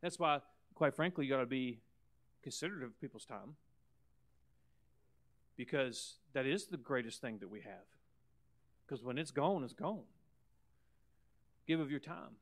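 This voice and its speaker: A man preaching a sermon as pastor, emphatic, repeating words and swinging between loud and soft. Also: mid-range voice, expressive, normal speed, pauses often.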